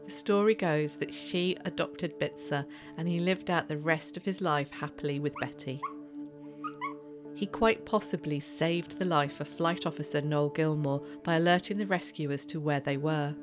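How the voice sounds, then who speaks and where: Low-voiced woman narrating a story. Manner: measured, atmospheric storytelling. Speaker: podcast narrator. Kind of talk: scripted narration. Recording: music bed under voice.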